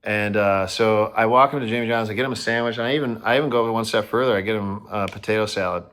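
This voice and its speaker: A man telling a personal story to the camera, rambling, restarting often and sounding excited. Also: lowish voice, fast.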